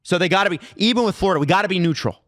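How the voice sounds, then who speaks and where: A man's voice: high voice, rapid-fire, a bit bright, no echo, studio quality. A man ranting as co-host of a sports podcast, impassioned and exasperated, swearing often. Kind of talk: heated sports podcast rant.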